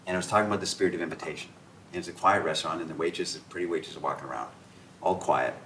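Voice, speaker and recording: A Canadian author and host tells stories at a round-table discussion, animatedly acting out the dialogue. His low-pitched voice races along, and the room has a roomy echo with faint background noise.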